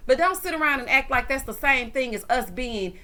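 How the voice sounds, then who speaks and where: Sassy female recap vlogger, bright and punchy tone, slightly high. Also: fairly quick. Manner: sassy, animated, calls viewers honey and child. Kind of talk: casual reality-TV recap commentary.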